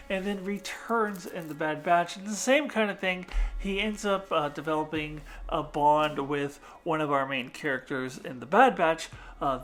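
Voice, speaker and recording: A woman's voice: low-pitched, a bit bright. A woman hosting a casual countdown video, talking in a chatty, enthusiastic way with frequent filler sounds. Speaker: video host.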